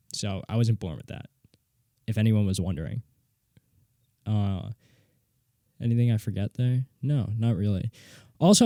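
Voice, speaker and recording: Rich: a young man recounts a story on his solo podcast, rambling and animated, cursing freely. His voice is mellow and warm. The sound is dry and close, as from a home studio mic. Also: fairly low pitch, no echo. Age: young adult. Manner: rambling, animated, swears casually. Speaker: podcast host. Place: home studio with guitar and mixing board.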